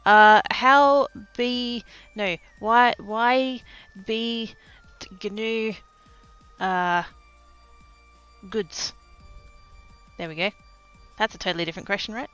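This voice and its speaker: A woman chatting casually with her viewers on a livestream from home, playful and silly, breaking into sudden high squeals as she reads and answers chat. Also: slow, pauses often, a bit bright, smooth, muffled recording, faint music behind.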